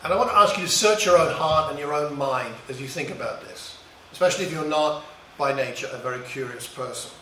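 Fairly quick with few pauses, this middle-aged Englishman tells a musing story from his boyhood in a reflective talk, with small restarts. His voice is fairly high and a bit bright, recorded from a distance in a roomy echo with slight background noise.

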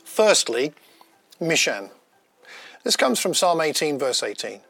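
A man giving a gentle, personal devotional talk, unhurried, with small pauses and restarts. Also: fairly high pitch, big pitch swings, creaky, no room sound, soft background music. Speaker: devotional speaker.

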